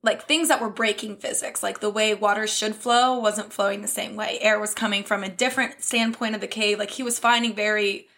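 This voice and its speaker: A woman's voice: mid-range voice, steady tone, brisk, hardly any pauses, fairly bright tone. A young woman co-hosting a podcast in casual chat, chatty and often laughing. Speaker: podcast co-host.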